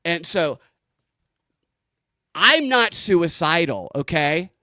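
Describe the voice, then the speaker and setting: Excitable man with a lively voice. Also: on the high side, drawn-out words, no echo. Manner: excitable, profane, stumbling restarts. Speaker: podcast host. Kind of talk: casual podcast chat.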